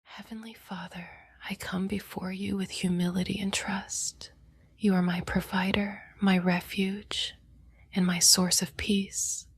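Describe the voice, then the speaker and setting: A woman narrating a guided Christian prayer meditation, slow and soothing with long pauses. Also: mid-range voice, little pitch movement, slightly rough, no room sound. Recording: voice over soft meditation music.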